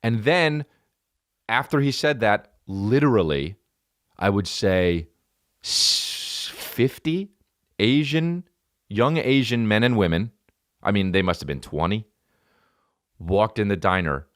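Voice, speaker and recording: A man's voice: lowish voice, lively intonation, a little slow, pauses often, no echo, studio quality. A man in his thirties telling a rambling, profane comic story on a podcast, with many restarts. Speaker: comedian. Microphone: studio podcast mic.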